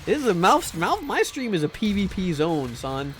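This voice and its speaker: While streaming a game live, a man jokes around, plays, and reads chat aloud, often repeating words as he goes. His high-pitched, slightly bright voice swings widely in pitch at a normal speed. There's a little background noise.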